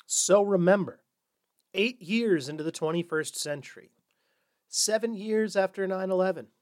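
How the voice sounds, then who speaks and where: Sarcastic high-voiced man riffing. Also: moderate pace. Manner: sarcastic, mock-corporate voices, animated. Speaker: podcast host. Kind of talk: satirical comedy monologue.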